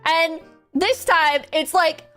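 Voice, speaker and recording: Young female streamer, high voice, animated storyteller who swears and laughs loudly. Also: slow pace, faint music behind.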